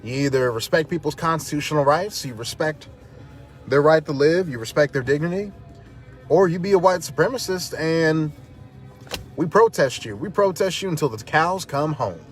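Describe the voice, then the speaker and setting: A man with a drawl delivers a fiery, defiant address straight to his audience, his voice sitting fairly high for a man. He drives his points home with repeated phrases, and faint music plays underneath. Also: animated, normal speed. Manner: fiery, defiant, rhetorical repetition. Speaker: activist, protest organizer. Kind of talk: impassioned direct-to-camera talk.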